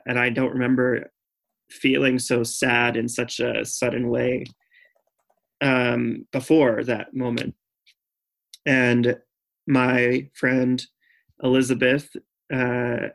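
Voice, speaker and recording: A man opening up on a podcast, talking in a chatty, earnest way. His telling is dotted with "like" and "um" as he works through the memory. His pitch sits in an ordinary middle register. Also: gravelly, fairly bright tone. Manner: chatty, full of "like" and "um" fillers; earnest and candid. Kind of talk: personal storytelling on a podcast.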